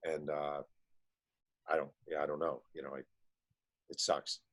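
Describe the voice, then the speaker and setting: A man, an author and interview guest, telling stories in casual chat with quick bursts and lots of fillers. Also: rumbling low, slightly rough. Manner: animated storyteller, quick bursts, many fillers.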